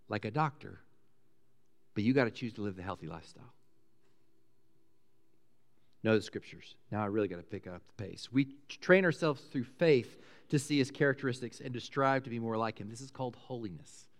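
A middle-aged man preaching a sermon as a pastor, conversational and animated, rising loud and high when excited. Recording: preached in a church, long reverb.

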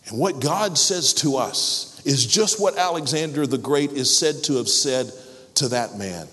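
A man preaching a sermon, telling a story and then praying, building from quiet to loud peaks. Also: mid-range voice, lively intonation, moderate pace, long reverb tail. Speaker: pastor.

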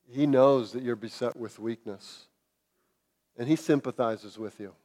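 A man preaching a sermon to his congregation, earnest, rising to loud emphatic peaks and dropping to hushed, tender lines. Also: mid-range voice. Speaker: pastor. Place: church sanctuary.

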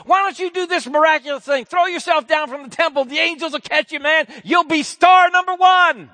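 A man preaching acts out a sly male devil tempting with coaxing, loud offers. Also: very high-pitched, brisk, no echo, long reverb tail, voice pushed up.

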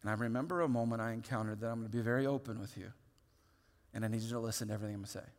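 A man in his thirties preaching a sermon, telling a personal story in a lively, open way with many restarts. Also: lowish voice, very fast. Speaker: pastor. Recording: long hall reverb.

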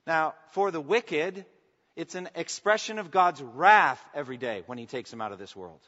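A man preaching a sermon as pastor, swinging from emphatic declarations to soft, intimate asides and asking the congregation for response. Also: fairly high pitch, animated, moderate pace. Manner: preaching with rising emphasis, then dropping to soft, intimate lines. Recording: long reverb, dull lo-fi sound.

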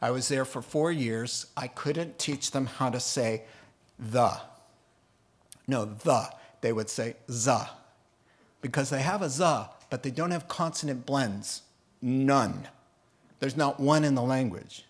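A middle-aged man preaching a sermon, animated and often laughing as he mimics accents to make his point. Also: medium pitch, a little slow. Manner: animated, laughing, putting on funny accents for examples. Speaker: pastor.

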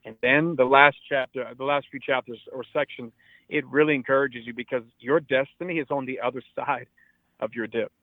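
A man's voice: medium pitch, fairly even intonation, fairly quick, dry recording. A man in his forties talks like a preacher, earnest and urging, and doubles back on words to press a point. His voice comes through a narrow, tinny phone line with no room sound around it. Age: 40s. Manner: earnest, exhortative, repeats words when stressing. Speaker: pastor. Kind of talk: radio interview, preaching tone.

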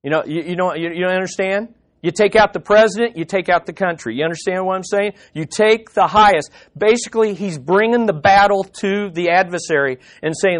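Pastor, male, high voice, delivers an emphatic sermon full of rhetorical questions. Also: fairly quick, hardly any pauses.

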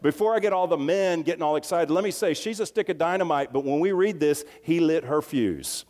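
A man's voice: a little high, brisk, darkish tone. A man preaching a sermon in a loose, conversational way, often restarting phrases and breaking into asides. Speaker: pastor. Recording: long hall reverb.

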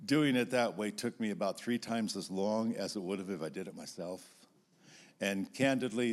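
A middle-aged man giving an earnest, expressive teaching talk as a Christian speaker, standing before an audience. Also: on the low side. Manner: earnest and expressive, acting out emotional outbursts.

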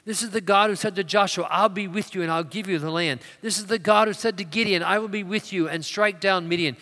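A man preaching a sermon, moving between loud emphatic declarations and quiet, hushed storytelling. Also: sits high, fairly quick. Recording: long hall reverb.

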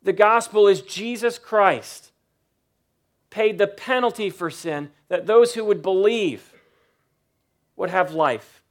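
A man preaching a sermon to his church, emphatic and slowing down to stress key points. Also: sits high. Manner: emphatic preaching, varies loudness and slows for emphasis. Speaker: pastor.

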